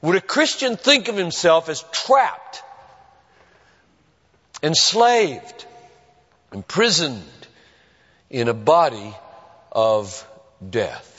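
A male pastor preaches with a high, animated voice that swoops up and down. He is earnest and emphatic, leaning on long pauses. The sound is a dull, muffled recording with long reverb from a church sanctuary. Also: breathy edge. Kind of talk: sermon.

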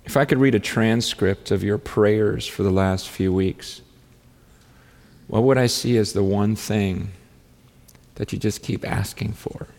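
Earnest male pastor preaching to an audience in a large hall, halting restarts, long reverb trailing each phrase. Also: lowish voice, fairly even intonation, creaky, a little mellow. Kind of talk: sermon.

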